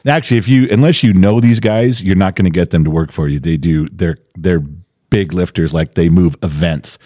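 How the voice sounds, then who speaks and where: A man co-hosting a podcast in casual chat, telling a story with animated delivery and putting on the voices of the people in it. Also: low-pitched, a little fast, no room sound, clean studio sound. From Central California. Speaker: podcast co-host.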